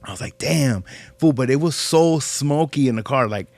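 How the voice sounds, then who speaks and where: Slangy Los podcast host. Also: male voice, mid-range voice, animated, normal speed, darkish tone, no room sound. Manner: slangy, profane, says "dog" and "fool". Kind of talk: casual storytelling.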